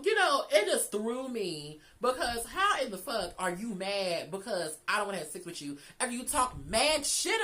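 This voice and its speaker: Animated, profane young woman telling a story. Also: lowish voice, slight background noise, poor audio. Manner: candid, profane, animated retelling with quoted dialogue. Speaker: storyteller vlogger. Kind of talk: casual storytime.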